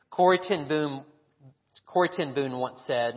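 A man's voice: mid-range voice, unhurried. Man preaching in an echoey hall. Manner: storytelling, asks the congregation rhetorical questions. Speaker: pastor. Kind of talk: sermon. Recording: echoey hall, dull lo-fi sound.

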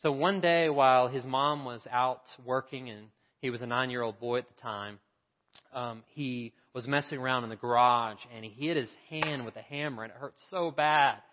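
Male preacher, storytelling sermon, animated, mid-pitched, long hall reverb, muffled sound. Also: normal speed. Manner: animated, acts out the voices in his story.

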